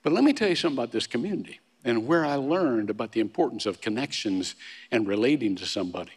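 Male pastor preaching in a church sanctuary, relaxed and anecdotal, repeats and restarts words, with a long reverb tail. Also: mid-range voice, quick pace, breathy edge. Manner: conversational storytelling with frequent restarts and humorous asides. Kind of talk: sermon. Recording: long reverb of a large hall.

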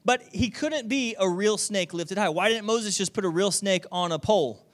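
A man preaching a sermon in an animated way, often checking in with "okay?" and "right?", and now and then acting out other people's voices. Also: high-pitched, normal speed. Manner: acts out grumbling voices and loud exclamations.

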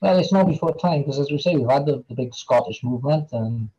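A man's voice: mid-range voice, a little fast, mellow, slightly rough, highs cut off. A man with a Welsh Valleys accent, an author answering interview questions in a hesitant way, with lots of fillers and repeated words. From Wales. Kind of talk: casual interview chat.

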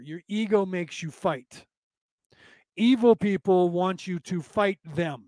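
Brief: high-pitched male podcast host, rambling and preachy, dry close recording. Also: takes it slowly, long pauses, a little mellow, dry recording. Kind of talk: casual spiritual talk.

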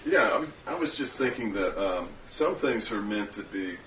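A man in a casual group discussion, speaking in a halting, reflective way. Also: fairly low pitch, animated, a crowd in the background. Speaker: discussion participant. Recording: echoey room, far from mic, noisy.

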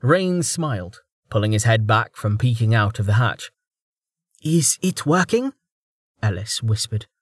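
A man narrating a fantasy audiobook in a calm, measured storytelling voice. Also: lowish voice, no echo, clean studio sound. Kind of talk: scripted narration.

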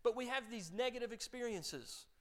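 A man's voice: extremely high pitch, normal speed. A man pastor giving a conversational sermon, joking with his congregation.

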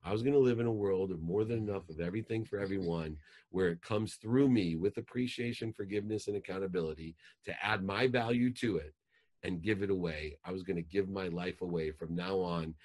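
A man telling an emotional personal story as a podcast guest, growing animated as he relives it. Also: deep voice, a little fast.

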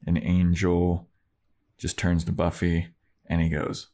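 A man's voice: low-pitched, completely flat delivery, slow, mellow. A man co-hosting a podcast, casually recapping a TV episode in a loose, profane storytelling manner. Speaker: podcast co-host.

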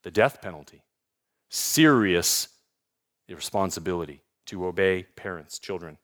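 A man preaching a sermon in a church, dropping to hushed emphasis and building to loud, announcer-style peaks. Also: deep voice, lively intonation, a little slow. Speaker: pastor. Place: church in Sacramento.

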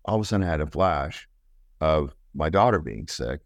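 A middle-aged man telling a personal story as an interview guest, earnest and halting, often restarting his sentences. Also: a bass voice, expressive, dry recording.

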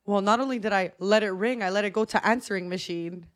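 Talking at a quick pace, a woman co-hosting a podcast shares a story in relaxed conversation, her thick voice at medium pitch. She laughs a lot and performs the quotes as she goes.

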